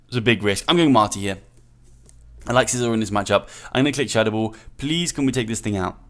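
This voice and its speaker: A man's voice: fairly low pitch, fast talker. A man talks through his own live match as he plays, weighing each move aloud. He repeats lines to himself and scolds himself sharply when a move goes wrong. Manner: self-critical, thinking aloud, repeats himself. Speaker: gaming channel host. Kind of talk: live play-by-play commentary of a game.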